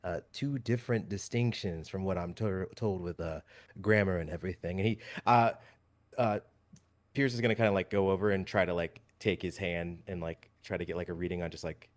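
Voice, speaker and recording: Low-voiced man player, hesitant. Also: brisk. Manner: relaxed, hesitant with many fillers. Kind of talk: tabletop game play.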